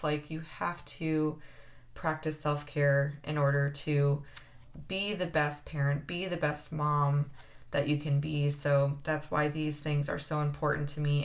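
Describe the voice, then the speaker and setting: A woman in her thirties chatting heartfelt to camera as a planner vlogger, with lots of fillers. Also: low-pitched. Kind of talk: casual chat to camera.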